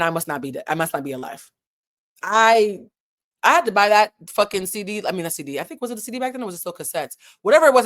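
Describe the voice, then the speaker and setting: A woman's voice: mid-range voice, a bit bright. A woman hosting a casual commentary vlog, talking animatedly and with lots of profanity, addressing her viewers directly. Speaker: host.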